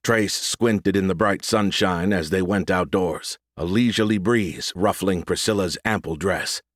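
A man narrating an audiobook in a steady, measured reading voice. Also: deep voice, no echo, studio quality.

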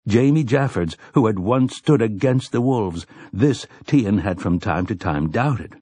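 Low-voiced male audiobook narrator. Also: husky, dry recording. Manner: measured, even storytelling. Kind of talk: scripted narration.

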